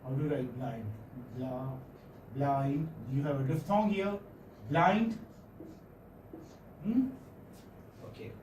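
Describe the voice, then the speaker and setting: A middle-aged man with an Indian English accent teaches a phonetics lecture in a classroom, repeating words, coaxing, and checking in with students often. His voice is fairly high and very animated, and he speaks slowly with long pauses. The recording sounds echoey and distant, with faint noise and the high frequencies cut off.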